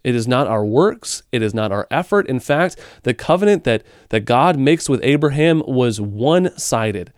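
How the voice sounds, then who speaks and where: A man's voice: medium pitch, lively intonation, moderate pace, hardly any pauses, dry recording, clean studio sound. A man hosting a radio program, reflecting on the sermon in a conversational way. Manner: warmly conversational, with small restarts. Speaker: radio host. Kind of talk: casual reflective commentary.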